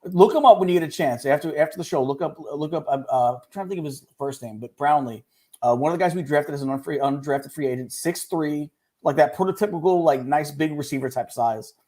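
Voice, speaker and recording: A man co-hosting a casual sports talk show, talking quickly and animatedly, often jumping in over the others. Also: a little high, warm tone. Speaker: co-host.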